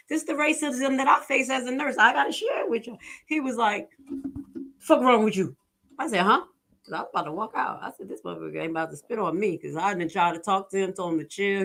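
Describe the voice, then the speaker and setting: A woman's voice: medium pitch, fast, gravelly, a bit bright. A woman giving casual commentary, telling stories in a blunt, profane, preachy way. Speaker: commentary vlogger.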